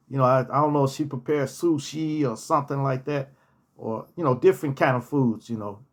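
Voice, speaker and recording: A man's voice: mid-range voice, normal speed, long pauses. A man casually telling personal stories from his hotel job, repeating key phrases for emphasis. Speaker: storyteller, former hotel manager.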